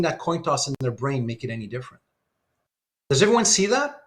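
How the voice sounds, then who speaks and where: A man's voice: mid-range voice, sing-song, brisk, long pauses. A man giving a live online philosophy lecture, thinking aloud with lots of rhetorical questions while he sketches diagrams.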